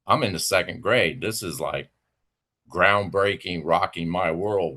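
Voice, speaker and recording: A fairly low-pitched man speaks into a livestream mic. He rants at a rival in a heated, profane, sarcastic way. His outbursts jump high and loud, then drop to low mutters. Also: measured pace. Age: adult with children. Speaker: livestream host. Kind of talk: angry rant to a rival.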